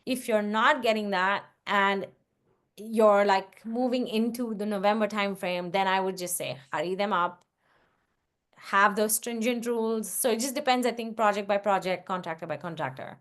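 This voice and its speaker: A woman's voice: medium pitch, moderate pace, fairly bright tone. A woman answering questions on a video call in a casual, practical way, with frequent "like" and "um". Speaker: guest investor.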